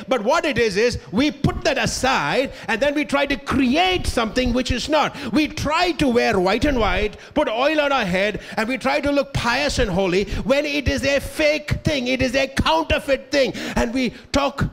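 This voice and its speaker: A male pastor from India preaching with fervor in a church. His voice sits very high and has a gravelly, creaky edge. He keeps pressing the congregation with questions. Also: lively intonation, moderate pace, hardly any pauses, fairly bright tone, soft background music. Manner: passionate, emphatic, questions the congregation. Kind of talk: sermon. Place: church hall.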